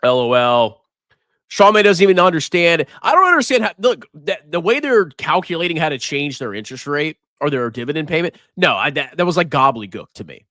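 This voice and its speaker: A man's voice: fairly high pitch, big pitch swings, brisk, sharp tone, no echo, clean studio sound. A man hosting a live finance stream, reading viewer messages and mocking them with frequent laughter. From United States. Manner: teasing, mocking, laughs often. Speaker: livestream finance host.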